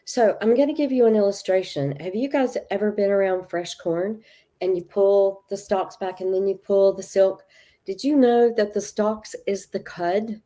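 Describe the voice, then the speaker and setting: Warm-voiced woman teaching with animated stories. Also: mid-range voice, normal speed. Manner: emphatic, acts out quoted dialogue. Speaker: spiritual teacher guest. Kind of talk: animated storytelling talk.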